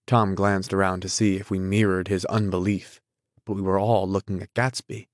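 A man reads a novel aloud in a deep, measured voice. The recording is close and dry, with no room sound. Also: level tone, no echo. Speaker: audiobook narrator. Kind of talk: scripted novel narration.

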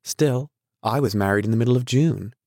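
A man voicing a restless, flighty young society woman in a storybook reading, lifting his voice into a sharp, petulant tone. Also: mid-range voice, a little fast, no room sound, clean studio sound, voice pushed up, close to an everyday voice. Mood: wistful.

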